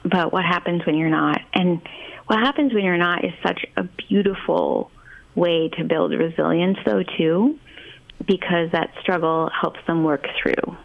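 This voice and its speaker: A woman speaking as a child therapist guest in a casual podcast conversation, thoughtful and unhurried, with many ums and you-knows. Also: lowish voice, steady tone, vocal fry, low-quality recording.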